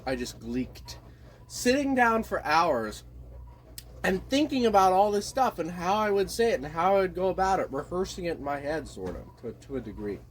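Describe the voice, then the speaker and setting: A man from the desert Southwest of the US rants to camera in a blunt, rambling monologue that is often profane. His voice sits a bit higher than most men's, with a faint hiss of noise under it. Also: big pitch swings, moderate pace. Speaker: vlogger. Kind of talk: casual monologue rant.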